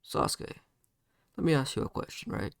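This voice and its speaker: A man's voice: medium pitch, normal speed, creaky, no echo, clean studio sound, lightly acted. A man voicing a cocky, mocking teenage boy ninja, taunting with lots of fillers and restarts. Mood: calm mocking.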